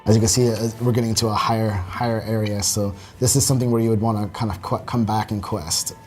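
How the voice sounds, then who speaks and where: A man giving relaxed, halting commentary while demonstrating a video game, with many fillers. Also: fairly low pitch. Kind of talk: casual gameplay commentary. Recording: faint game music behind.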